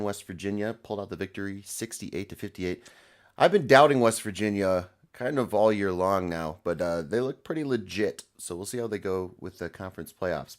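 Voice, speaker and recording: A man co-hosting a casual sports podcast, talking loosely with lots of "uh" as he recaps games. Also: fairly low pitch. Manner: rambling, many fillers. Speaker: podcast co-host.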